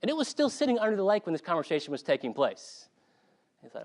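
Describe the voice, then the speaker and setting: Lively, high-voiced male preacher. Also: quick pace. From South Carolina. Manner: animated storytelling, lively delivery. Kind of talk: sermon.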